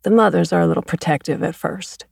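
A woman's voice: lowish voice, fast, vocal fry, a little mellow, breathy edge, dry recording, clean studio sound, heavily acted. A woman reading an audiobook, voicing a weary, matter-of-fact farmer father.

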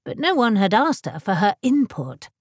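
A woman narrates a period romance novel in a measured, even storytelling voice. Her pitch sits in a middle range. The recording is dry and close, with no room sound. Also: husky, no room sound. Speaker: audiobook narrator. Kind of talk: scripted narration.

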